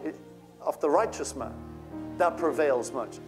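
A man's voice: fairly high pitch, measured pace, music in the background. A male pastor preaching a sermon with fervent, rising outbursts.

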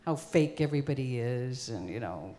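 Speaking at an extremely low pitch with a dark tone, a woman in her sixties performs an old story on a concert hall stage. Her intonation is lively, her pace normal, and her casual talk is sprinkled with "you know" and "like," all under long concert-hall reverb.

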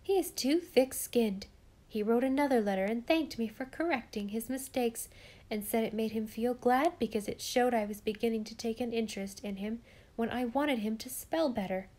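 A woman's voice: a little high, moderate pace, a little mellow, close to an everyday voice. A woman reading an audiobook, voicing a sensible, earnest young girl. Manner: earnest, sometimes indignant.

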